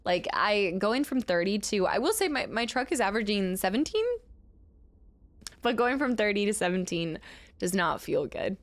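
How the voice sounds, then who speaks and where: Give me a woman streamer with a fairly high voice, talking casually and laughing between game fights. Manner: chatty, laughs often, exclaims during fights. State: out of breath. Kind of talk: casual live-stream gameplay chat.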